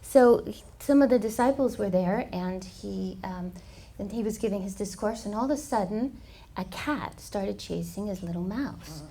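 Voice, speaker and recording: A woman with a gravelly, creaky texture tells a spiritual parable to a yoga studio audience. She is animated, restarts often and drifts into soft asides. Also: mid-range voice, normal speed. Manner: animated storyteller, many fillers. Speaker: co-host, spiritual teacher. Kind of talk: storytelling parable talk.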